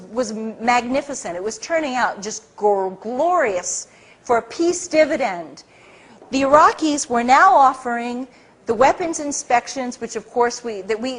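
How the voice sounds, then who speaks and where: A middle-aged woman speaking to an audience, telling a story in an animated way and acting out the people she quotes. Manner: acts out quoted people with big pitch jumps. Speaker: speaker at a public talk.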